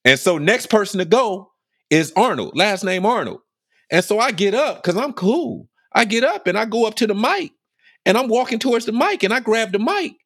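A man telling a personal story on a podcast in a casual, animated way, repeating phrases for emphasis and acting out what people said. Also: sits high, normal speed, no echo, studio quality. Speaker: podcast speaker telling his life story.

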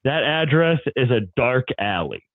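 A man's voice: mid-range voice, very animated, unhurried, dry recording. A man who is a comedian guest, telling wild stories in casual chat and laughing often. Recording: tinny phone-like line, dry.

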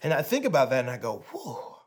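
A man in his thirties giving a sermon as a pastor, telling a family story and moving from hushed, soft moments to animated ones. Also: mid-range voice, fast talker, breathy edge.

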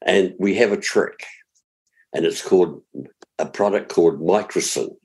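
An older New Zealand man talks through gardening tips in a relaxed, explanatory way, slowing down to spell words out. His voice sits very low and has a husky, slightly rough edge. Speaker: gardening expert. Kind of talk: radio gardening advice chat.

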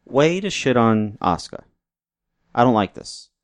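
Podcast guy going off about wrestling, sarcastic, clean smooth voice, dry sound. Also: mid-range voice, sing-song, measured pace, no echo. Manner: ranting, sarcastic, swears freely. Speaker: podcast co-host. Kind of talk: casual wrestling chat.

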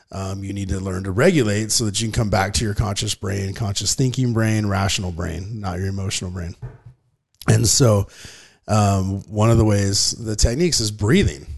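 Man, 30s, podcast co-host; earnest, rambling delivery with frequent restarts, lowish voice. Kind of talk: casual podcast chat.

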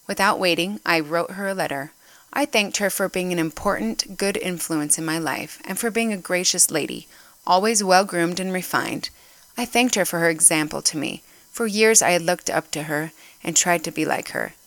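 A woman's voice: lowish voice, normal speed, fairly bright tone, dry recording. A woman giving an earnest devotional talk, reading a story aloud and getting emotional as she goes. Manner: emotional, earnest, gets choked up. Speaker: church speaker.

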